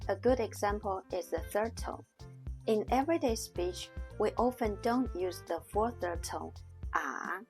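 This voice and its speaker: A woman teaching a language lesson in a scripted way, speaking slowly and carefully and demonstrating sounds one at a time. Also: medium pitch, lively intonation, darkish tone, faint music behind. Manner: slow, careful, demonstrating tones on single syllables.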